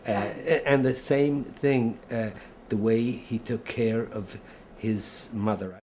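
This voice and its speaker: An older man reminiscing about family, telling stories in a halting way with chuckles. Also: mid-range voice, fairly even intonation, a little mellow, a little hiss or hum. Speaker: family storyteller. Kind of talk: casual reminiscing.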